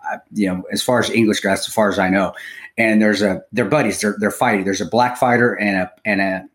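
A man's voice: lowish voice, fairly even intonation, fairly quick, a bit bright. An American man hosting a podcast who tells a story with energy, swears freely and often restarts his sentences. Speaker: podcast host.

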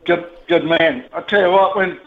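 A man with a New Zealand accent rings a radio talkback show, his voice a touch high and squeezed through a thin, tinny phone line. He talks bluntly and rambles, heart on his sleeve, with casual swearing. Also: moderate pace. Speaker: radio caller. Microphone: telephone.

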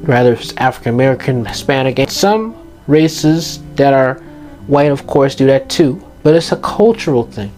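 A man's voice: mid-range voice, animated, normal speed, a little mellow, faint music behind. A teenage boy giving passionate, emphatic advice to his viewers in an earnest motivational monologue, repeating his key points. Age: teens. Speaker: youth vlogger giving advice.

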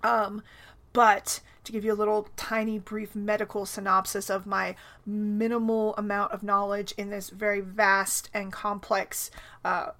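A woman's voice: medium pitch, flat delivery, unhurried, pushed and bright. A woman hosting a casual solo podcast, talking in a chatty, rambling way with frequent restarts and tag questions, foggy from a sinus headache. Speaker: podcast host.

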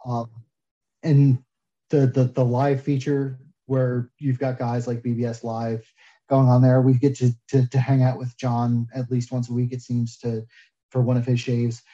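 A man's voice: mid-range voice, little pitch movement, a little slow, mellow, muffled recording. A man speaking as a guest soap maker in a casual podcast interview, self-deprecating and opinionated, picking up energy when he argues a point.

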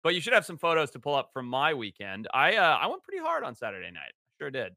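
A man's voice: fairly high pitch, huge pitch swings, fast talker, vocal fry, bright, forceful tone, no room sound. A male podcast co-host in casual chat with dry, sarcastic humor.

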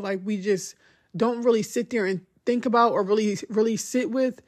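A woman's voice: medium pitch, a little mellow. A young woman hosting a podcast, telling a personal story in a conversational, emotional way with many "like"s. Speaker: podcast host.

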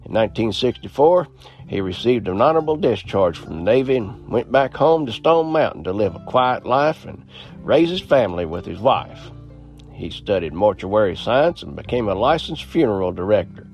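A man's voice: on the low side, very animated, normal speed, darkish tone. Earnest man narrating a history. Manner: earnest read-aloud with small slips and throat clearing. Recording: slightly dull lo-fi audio with faint music.

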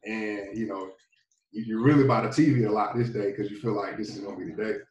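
A pro football player from North Carolina, speaking with a fairly low, slightly mellow voice at a quick pace, tells his story as a guest. He's laid-back and rambling, full of fillers, and the recording is roomy with the mic at a distance.

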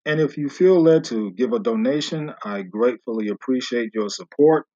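A man's voice: medium pitch, moderate pace, dark tone. Man signing off a podcast, lo-fi. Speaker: podcast host. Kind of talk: podcast sign-off. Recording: dull lo-fi audio.

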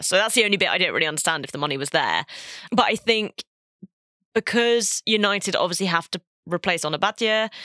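A woman guest on a podcast, giving quick, frank opinions in casual football chat. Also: lowish voice, sharp tone, no room sound, studio quality.

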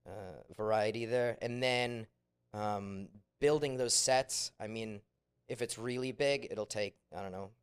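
Smooth-voiced man rambling through stories. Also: lowish voice, measured pace. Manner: rambling storyteller, lots of fillers. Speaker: podcast guest, gaming video creator. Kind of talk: casual podcast chat. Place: living room couch in a rented home.

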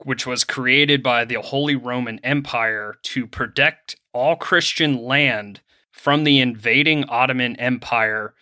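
A young man from Pennsylvania reads a history story casually as a podcast co-host, self-deprecatingly joking about how he pronounces things. His voice is medium-pitched and sharp at a measured pace, recorded dry and at studio quality.

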